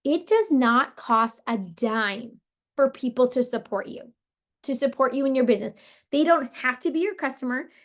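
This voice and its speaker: A woman with a hoarse, partly lost voice, coaching her sales team on a motivational call in a casual, upbeat way, full of "like" and "you guys". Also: high-pitched, lively intonation, normal speed. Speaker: team leader coaching sellers.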